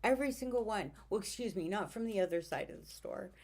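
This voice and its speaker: A woman's voice: medium pitch, animated, fast talker, darkish tone. A woman in her fifties venting in a rambling, frustrated way, swearing often, with her mic set far away. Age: 50s. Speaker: vlogger. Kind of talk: casual venting monologue.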